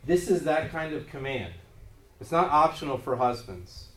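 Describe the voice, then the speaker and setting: A man's voice: on the high side, very animated, moderate pace, a bit bright. Emphatic male preacher in a roomy hall. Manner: emphatic, rising in force on key phrases. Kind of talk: sermon. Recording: roomy echo, voice from a distance.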